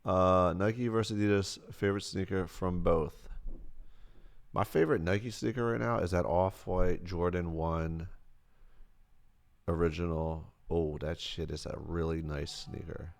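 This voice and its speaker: A man's voice: deep voice, creaky. A man on a livestream answering chat questions in a loose, rambling way, swearing freely, close to his mic. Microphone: close desk mic.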